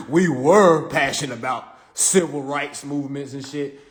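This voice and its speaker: A man's voice: on the high side, normal speed. A young man from South Carolina, talking in a casual, profane livestream monologue and laughing often. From South Carolina, USA. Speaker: livestream host. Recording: roomy echo.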